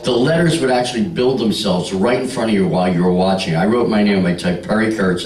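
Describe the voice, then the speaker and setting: A man's voice: fairly low pitch, animated, fairly quick, darkish tone. A stand-up comedian in his sixties, telling jokes and stories to a party crowd and talking back to them. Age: 60s. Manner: storytelling with punchlines, talks to the crowd. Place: party room with a live audience. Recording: roomy, mic heard from a distance.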